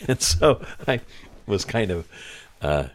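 A man's voice: fairly low pitch, very animated, slow pace. A man telling anecdotes as an interview guest, chuckling now and then. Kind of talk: casual storytelling.

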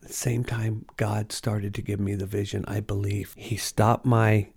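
A man's voice: fairly low pitch, little pitch movement, unhurried, vocal fry, darkish tone, breathy edge. A middle-aged man who is a guest on a talk show, telling an earnest and emotional personal testimony.

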